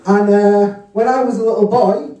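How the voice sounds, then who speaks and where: Heard from far off in an echoey, noisy live room, this high-voiced young man from Hull, England is doing stand-up at a comedy night in a hotel function room. He talks at a normal speed, dropping deadpan one-liners with plenty of ums and crude punchlines.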